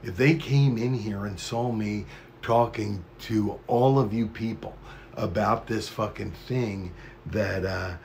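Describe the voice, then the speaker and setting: Gravelly-voiced man ranting on a stream. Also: on the low side, slow, darkish tone, slight background noise. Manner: profane, conspiratorial, rambling. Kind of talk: rambling live-stream monologue.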